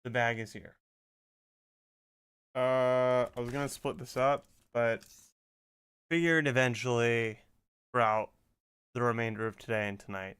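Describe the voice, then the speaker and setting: A man's voice: mid-range voice, a bit bright, clean tone. A man streaming games in casual chat, laid-back, swearing often and muttering to himself as he puzzles things out.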